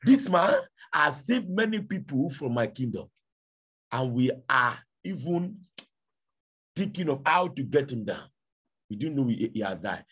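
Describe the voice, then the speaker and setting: A preacher voicing a gloating male devil in a sermon story, slow and drawn-out with a raspy voice. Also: mid-range voice, very animated, a bit bright, full character voice.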